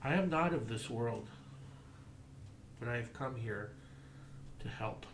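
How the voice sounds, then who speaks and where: A man voicing a calm, solemn male elf envoy who speaks in a measured, formal way. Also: mid-range voice, creaky, background noise. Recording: roomy echo.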